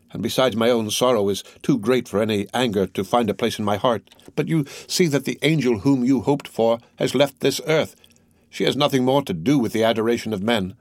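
A man reading the part of a composed, grieving older father who speaks in a measured, solemn way. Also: medium pitch, dry recording, lightly acted.

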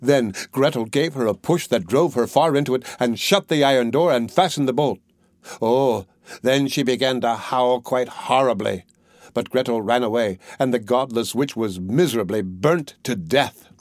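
A man reads a classic fairy tale aloud in a steady, measured narrating voice. His pitch sits in the middle range. The recording is dry, with almost no room sound. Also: dry recording. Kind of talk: storybook reading.

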